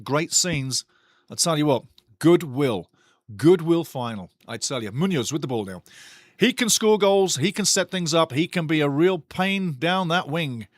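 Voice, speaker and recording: A man's voice: fairly high pitch, animated, a little slow, dry recording, studio quality. A man hosting a live football watch-along, rambling and chatty as he talks straight to his viewers. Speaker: host.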